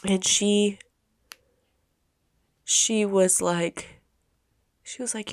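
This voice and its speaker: A woman in her thirties, a podcast host telling a personal story in an emotional, halting way with many restarts. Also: medium pitch, steady tone, dry recording. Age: 30s.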